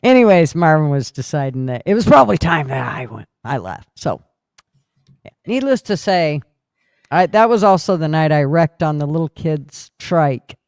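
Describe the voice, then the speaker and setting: A man spins rowdy, profane stories in a loose chat-show setting and laughs his way through them. His voice sits a little high and smooth, and the recording is close and dry. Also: animated, moderate pace, dry recording. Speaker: podcast host. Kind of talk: casual storytelling chat.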